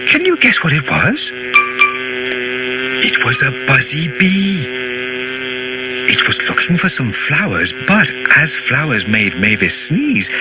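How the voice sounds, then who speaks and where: A man tells a children's cartoon story slowly, his voice lilting widely up and down in a gentle, playful sing-song. His voice sits a little high for a man, and loud music plays under him. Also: low-quality recording. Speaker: narrator.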